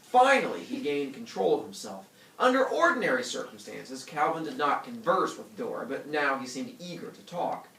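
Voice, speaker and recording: Animated man reading a story to a class. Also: fairly high pitch, normal speed, vocal fry. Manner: animated, stops to explain words and quiz students. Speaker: teacher. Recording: echoey classroom from far off.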